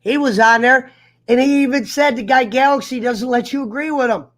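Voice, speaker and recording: A man with a very high, fairly bright voice hosts an online sports talk show, talking a little fast as he tells a heated story. It's a casual livestream rant, profane and fired up, and he mimics other people as he goes.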